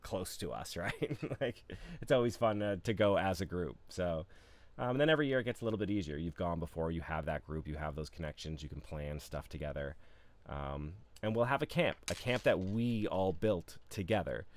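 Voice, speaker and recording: Male co-host, deep voice, easygoing stream banter with fillers. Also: normal speed. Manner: laid-back, rambling with many fillers and restarts. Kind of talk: casual live-stream chat.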